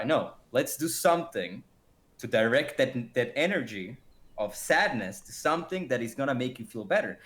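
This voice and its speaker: A man's voice: medium pitch, a little fast. A man on a podcast arguing his view emphatically, acting out little quoted exchanges as he goes. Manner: emphatic, animated, acts out quotes. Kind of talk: casual debate.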